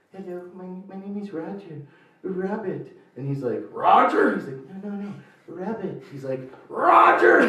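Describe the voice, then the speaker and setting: A man doing a crude, deadpan stand-up comedy set at a live show. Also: medium pitch. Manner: deadpan, crude, slips into shouted put-on voices for quoted people. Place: live show venue with audience laughter. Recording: echoey room, mic heard from a distance.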